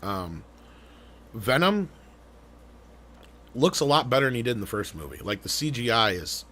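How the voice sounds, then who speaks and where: A man's voice: mid-range voice, sing-song, normal speed, fairly bright tone. Rambling casual male podcast host. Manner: rambling, swears casually, frequent fillers and restarts. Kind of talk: casual live-stream chat.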